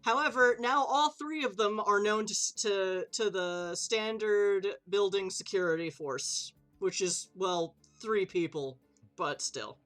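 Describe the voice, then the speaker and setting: A woman's voice: mid-range voice, measured pace, fairly bright tone, faint music behind. A woman running a tabletop game on a live stream, chatty and loose, swearing casually and laughing easily. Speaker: game master.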